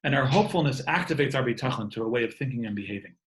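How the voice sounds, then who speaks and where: Guy in his 30s doing an encouraging talk over a video call from home, average pitch, restarts his words a lot. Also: expressive, very fast, slight background noise, rough recording. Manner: earnest, often repeats words. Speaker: speaker giving an online talk. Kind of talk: warm inspirational talk to an online audience.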